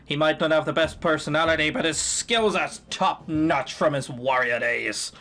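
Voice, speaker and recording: A man voicing a big, blunt male hunter who grumbles in a gruff way. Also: fairly high pitch, moderate pace, sharp tone, a little hiss or hum, voice pushed down. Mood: grumbling.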